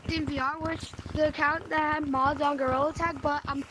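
Very high-pitched pushy voice over game noise. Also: female voice, flat delivery, a little fast. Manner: pushy, repeats words over and over. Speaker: player in the game lobby. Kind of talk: casual gaming chatter. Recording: noisy game-stream audio.

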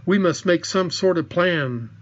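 A man's voice: high voice, a little slow, highs cut off. A man reading the part of an anxious young boy who pleads and gets flustered. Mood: pleading.

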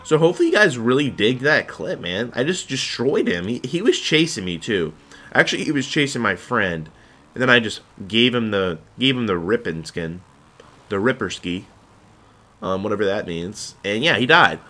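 A man's voice: medium pitch, big pitch swings, normal speed, bright, forceful tone. A young man giving rambling, jokey commentary over his own gameplay footage. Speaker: gaming video host.

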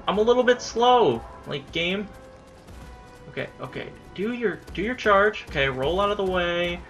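A man giving casual let's-play commentary during a boss fight, excitable, swearing and yelling at enemies. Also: high voice, normal speed, dull audio, soft background music. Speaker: gamer playing through a boss fight.

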